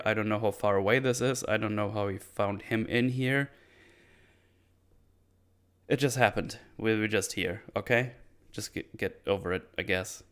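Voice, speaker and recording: A man's voice: medium pitch, clear, resonant tone. A man casually recapping a martial arts film, rambling loosely and swearing now and then. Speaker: film reviewer.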